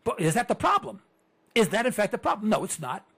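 A man's voice: high-pitched, wildly swooping pitch, a little fast, gravelly, fairly bright tone, husky. A man in his sixties, a broadcaster talking to his listeners in a chatty monologue, telling stories and asking rhetorical questions with lots of repeated words. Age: 60s. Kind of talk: conversational monologue with anecdotes.

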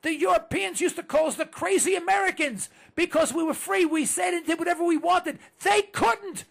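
High gravelly ranting radio host man. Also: moderate pace, a bit bright. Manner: ranting, repetitive, hollering at listeners. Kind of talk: talk radio monologue.

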